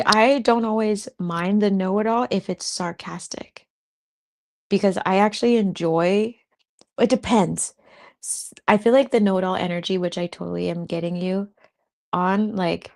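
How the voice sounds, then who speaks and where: Chatting casually on a livestream, this woman reacts to what viewers say and laughs often between remarks. Her low voice carries a gravelly fry and a slightly mellow quality, and she sounds like a spiritual host among friends.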